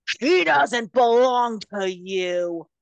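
A woman's voice: on the high side, expressive, extremely slow, vocal fry, no room sound, muffled recording, full character voice. A woman voicing a menacing, jealous male stalker in a book recap, drawing out his lines in a mocking, theatrical way.

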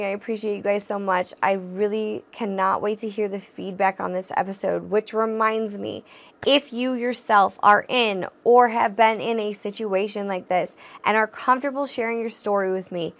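Podcast host, young woman, gravelly edge, blunt and encouraging. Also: medium pitch, steady tone, moderate pace, a bit bright. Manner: candid, swears freely, laughs often; encouraging, addresses listeners directly. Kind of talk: casual solo podcast talk.

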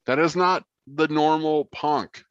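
A man's voice: on the high side, steady tone, slow, clean tone, no echo. A man, a guitarist guest, talking in a rambling, joking, profane way over a remote call with a dull lo-fi sound. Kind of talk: casual interview chat.

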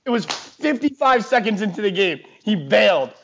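A young man co-hosting a sports podcast, telling a story in a chatty, animated way with lots of fillers and restarts. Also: sits high, normal speed, vocal fry, a little hiss or hum. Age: young adult. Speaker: podcast co-host. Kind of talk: casual sports chat. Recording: dull lo-fi podcast audio.

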